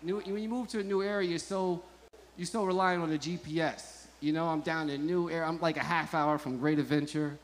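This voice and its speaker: A man doing stand-up crowd work, bantering with the audience in a loud, profane, joking way. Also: on the high side, steady tone, brisk. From Montclair, New Jersey. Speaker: stand-up comedian. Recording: echoey live comedy venue.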